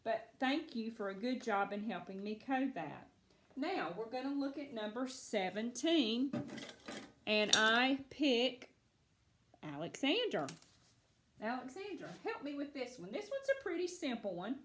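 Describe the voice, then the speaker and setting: Woman teacher doing phonics w kids, slow encouraging, kinda echoey room. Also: fairly high pitch, lively intonation, fairly bright tone. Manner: patient, encouraging, slow and clear. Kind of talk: phonics lesson to children.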